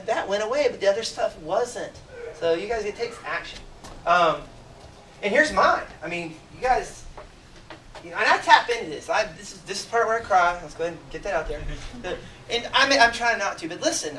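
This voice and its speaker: A man in his forties, a chiropractor giving an emotional, animated motivational talk to a seminar audience, asking them direct questions. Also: high-pitched, a little hiss or hum. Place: seminar room. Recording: roomy sound from a distant mic.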